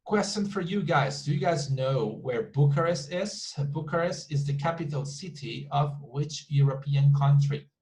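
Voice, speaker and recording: The man leading this online English class has a voice on the high side, slightly mellow, at a moderate pace with few pauses, though the audio is poor. His first language is Spanish, and he repeats words for pronunciation practice with many restarts.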